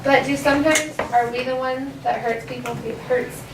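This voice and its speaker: A woman teaching a classroom language lesson, modeling phrases slowly so students can echo them. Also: sits high, steady tone, background noise. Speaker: elementary school teacher. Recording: echoey classroom from far off.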